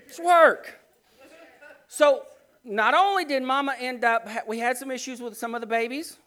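A high-pitched man preaching by telling a story. He talks in an animated, rambling way and keeps circling back to restart his sentences. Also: brisk. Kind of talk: storytelling sermon.

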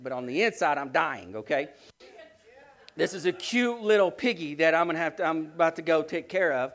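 High-voiced man telling an animated story. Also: a little fast. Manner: animated, rambling with many restarts. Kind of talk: storytelling sermon.

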